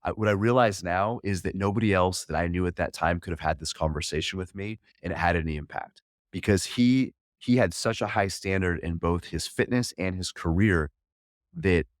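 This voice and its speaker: Man, forties, very low voice, earnest, candid, podcast guest, dry sound. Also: moderate pace, no echo. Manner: earnest and candid, with frequent restarts. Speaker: podcast guest, wealth management coach. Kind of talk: candid personal storytelling.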